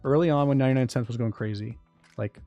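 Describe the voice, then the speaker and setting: A man talking casually on a livestream about his crypto project, rambling, restarting sentences and getting excited. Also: medium pitch, fast talker, lo-fi sound, faint music behind. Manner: rambling, self-interrupting, excitable. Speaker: crypto project founder and streamer.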